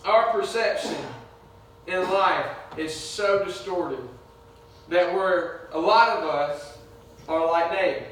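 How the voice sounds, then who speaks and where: High-voiced preacher in an echoey church. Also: male voice, takes it slowly, fairly bright tone. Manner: conversational preaching, acting out biblical characters' speech. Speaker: pastor. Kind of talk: sermon. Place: church sanctuary. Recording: echoey sanctuary, mic from a distance.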